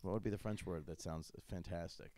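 A man's voice: deep voice, brisk, no room sound. A man hosting a podcast in casual chat, rambling and joking as he tells stories and acts out voices. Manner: rambling, animated storyteller who jokes and acts out voices. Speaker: podcast host.

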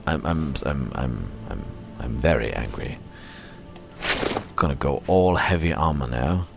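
A low-voiced man gives casual commentary over his own gameplay, rambling and talking to himself. He speaks slowly with lively swings in pitch and plays at being angry. Faint game music sits underneath. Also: gravelly. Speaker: let's play host.

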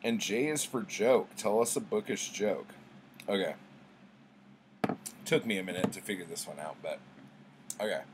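A man's voice: on the low side, normal speed, pauses often, noisy background. A man doing a book-tag video, chatting casually in a rambling, jokey way with lots of fillers. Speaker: booktuber. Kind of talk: casual chat.

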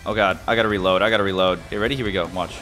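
A man giving excited gameplay commentary as a gaming YouTuber, yelping and repeating himself as the action unfolds. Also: low voice, very fast, faint music behind. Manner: excitable, yelps and repeats phrases.

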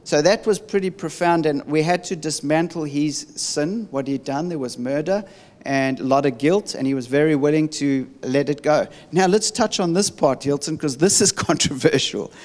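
Man teaching with animated stories. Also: fairly high pitch, normal speed, big-room sound. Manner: animated storytelling with many restarts. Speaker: deliverance minister. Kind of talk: conversational teaching.

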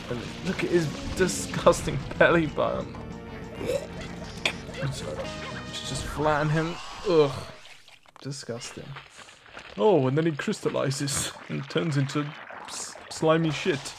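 A young man in his twenties, a gaming host, joking and reacting excitably while he plays. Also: fairly high pitch, slow pace, vocal fry, long pauses, music in the background. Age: 20s. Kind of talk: let's-play commentary.

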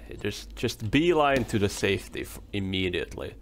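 A man's voice: fairly low pitch, big pitch swings, a little fast, a little hiss or hum. A young man giving rambling let's play commentary as he plays, talking to himself and swearing when things go wrong. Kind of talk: game commentary.

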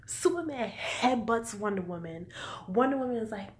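A woman giving a casual spoken film review, excitable and profane, often exclaiming and acting out scenes. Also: fairly high pitch, moderate pace. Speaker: movie reviewer.

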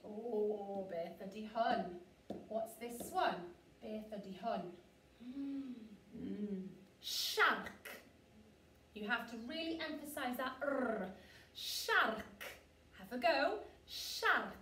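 Woman teaching kids, slow and high-voiced, echoey room, heard from a distance. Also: slight background noise. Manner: slow, clearly modelled words for children to repeat. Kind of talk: children's language lesson.

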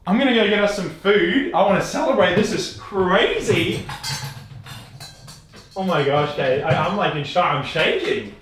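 Excitable young man, echoey room. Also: high voice, unhurried. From Australia. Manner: excited, rambling, many fillers. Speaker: prank vlogger. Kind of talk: casual vlog chat. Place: home bedroom, indoors. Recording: echoey room, faint noise.

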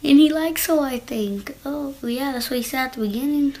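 A woman's voice: high-pitched, moderate pace, darkish tone, a little hiss or hum. A woman vlogger reading text stories aloud, with sassy, teasing, slangy asides. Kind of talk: casual reaction commentary.

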